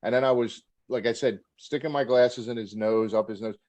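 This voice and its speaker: A man's voice: medium pitch, a little fast, darkish tone. Laughing middle-aged man telling stories. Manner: laughing anecdotal storyteller, acts out quotes. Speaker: interview guest, former wrestler. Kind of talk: casual storytelling interview.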